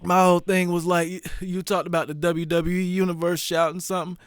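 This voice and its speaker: A man with a smooth, fairly high voice chats casually on a podcast. He rambles with lots of fillers and laughs easily. The recording is close and dry. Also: little pitch movement, fairly quick, no echo. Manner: laughs often, loose rambling with many fillers. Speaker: podcast co-host. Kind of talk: casual chat.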